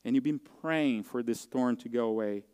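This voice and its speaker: A man preaching a sermon as pastor, telling a personal story in an earnest, heartfelt way with halting restarts. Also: medium pitch, a little mellow, clear, resonant tone, long reverb tail.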